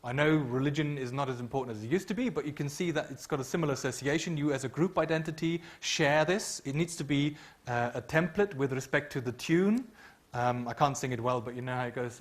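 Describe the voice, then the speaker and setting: Man lecturing, fairly high voice. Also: brisk. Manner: explanatory, hedging with frequent ums, hums chant tunes. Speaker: university lecturer. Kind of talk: academic lecture. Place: university lecture room. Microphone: microphone.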